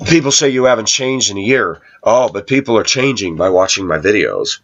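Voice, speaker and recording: A man with a fairly low, expressive voice talks briskly in a casual to-camera monologue for his YouTube channel, spinning sarcastic, rambling work stories. The tone is a bit bright, though the audio is dull overall.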